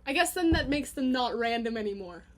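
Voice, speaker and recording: A woman's voice: on the high side, animated, brisk, a little hiss or hum. A woman rambling in a casual video diary, chatty and scattered, humming to herself between thoughts. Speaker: vlogger.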